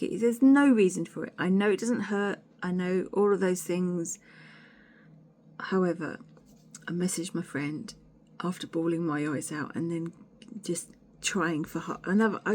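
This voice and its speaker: A woman's voice: on the low side, darkish tone. Chatty, sweary woman. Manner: chatty, sweary, self-deprecating, rambling with restarts. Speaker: vlogger. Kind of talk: candid casual chat to camera.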